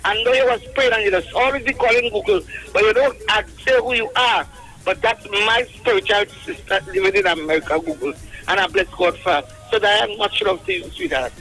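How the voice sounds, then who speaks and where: A man's voice: high-pitched, lively intonation, fairly quick, pushed and bright, low-quality recording. A man with a Trinidadian accent calling in to a radio show, rambling and preachy, quoting scripture over the phone. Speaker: radio call-in caller. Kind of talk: impassioned call-in talk.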